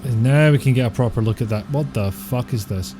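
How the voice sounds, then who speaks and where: A man's voice: mid-range voice, fairly quick, over music. A man streaming a video game, rambling and joking with chat and swearing often. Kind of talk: casual gameplay commentary.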